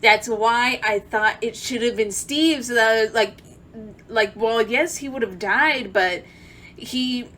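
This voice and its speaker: A young woman telling a rambling, emotional story-time vlog, full of fillers and restarts, swinging from loud excited outbursts to quiet near-tearful talk. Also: fairly high pitch, takes it slowly, slight background noise. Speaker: vlogger.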